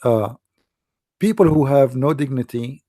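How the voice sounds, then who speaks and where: A man, a bit hoarse, talking in a casual commentary monologue with lots of fillers and restarts. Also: medium pitch, measured pace, dry recording, clean studio sound. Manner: animated, repetitive, many fillers and restarts. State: losing his voice, hoarse. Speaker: debate show host.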